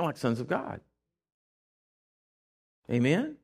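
A man delivering a sermon at a middle pitch. He moves between loose, conversational storytelling with filler words and restarts and emphatic, repeated declarations aimed at his congregation. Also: fairly quick. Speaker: preacher.

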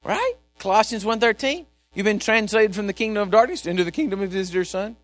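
A man preaching a sermon, animated and repetitive, swinging from shouts to quiet asides. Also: high-pitched, brisk, no echo. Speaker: pastor.

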